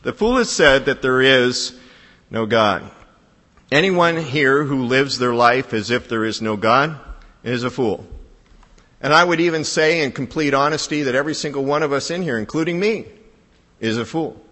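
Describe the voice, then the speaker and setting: A man preaching a sermon in a conversational style, building to emphatic, higher-pitched peaks. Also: lively intonation, normal speed, pushed and bright, big-room sound. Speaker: pastor.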